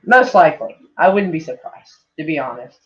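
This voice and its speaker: A woman streamer with a low, sing-song voice chats briskly and casually with her viewers, rambling, mocking herself and swearing freely. The lo-fi sound is dull.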